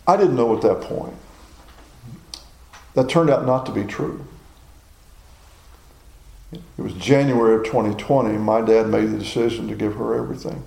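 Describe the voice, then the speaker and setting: A man's voice: mid-range voice, moderate pace, gravelly, long pauses, darkish tone, roomy sound, rough recording. A man in his sixties preaching a sermon in a folksy, personal storytelling way. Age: 60s.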